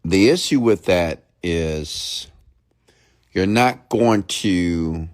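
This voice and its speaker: A low-voiced man gives a coaching talk as a motivational speaker on a live stream, speaking slowly and deliberately with long pauses. He often checks in with the audience and mimics fast, rambling talk to show the contrast.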